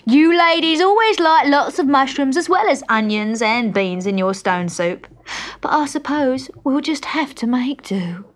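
A woman voicing a crafty, cheerful male tramp in a storybook reading, smooth-talking and wheedling. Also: high-pitched, animated, measured pace, voice pushed up. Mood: sly.

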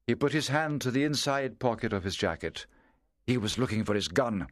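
Male narrator, measured and clear, lively pitch, dry close recording. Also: no echo. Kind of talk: scripted story narration.

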